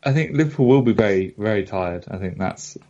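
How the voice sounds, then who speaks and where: A man with a fairly low voice chats about football, cracking jokes and stumbling over his words. His audio comes through dull and lo-fi, as if recorded on a modest mic. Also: expressive, a little fast, dark tone. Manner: jokey, hesitant with fillers. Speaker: podcast co-host. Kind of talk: casual football podcast chat.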